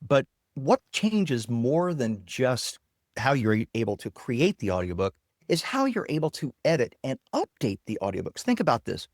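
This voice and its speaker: A man, a technology guest, explaining and demonstrating software with enthusiasm in a casual interview. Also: mid-range voice, big pitch swings, normal speed, no room sound, studio quality. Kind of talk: casual interview with screen demo.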